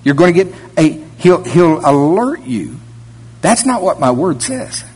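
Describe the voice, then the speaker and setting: Male preacher, a bit high-pitched, husky, folksy sermon delivery. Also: big pitch swings, a little slow, darkish tone. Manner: folksy, jumps to a high whiny voice when mimicking complaints. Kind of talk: sermon with prayer.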